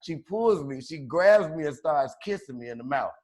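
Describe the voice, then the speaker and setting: A man's voice: on the high side, lively intonation, normal speed, darkish tone. A man from Chicago telling a wild story on a podcast in a loose, profane, slangy way, laughing as he goes. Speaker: podcast co-host. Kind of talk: casual storytelling.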